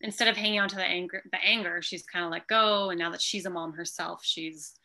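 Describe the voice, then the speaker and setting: A woman's voice: fairly low pitch, steady tone, a little fast, bright, forceful tone. A woman speaking as a podcast guest in casual chat, earnest and heartfelt, with frequent "like"s. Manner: earnest, heartfelt, says "like" often.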